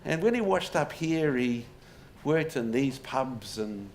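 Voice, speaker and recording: A man's voice: medium pitch, expressive, slow. A man giving a public talk to a live audience in a pub, telling stories with wry humour and rhetorical questions. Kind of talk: public lecture. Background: audience laughter, faint room noise.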